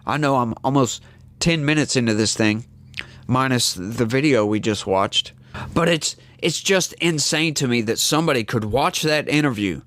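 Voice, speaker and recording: A man's voice: mid-range voice, lively intonation, unhurried, a bit bright. A man hosting a solo political commentary show, ranting in a heated, emphatic way.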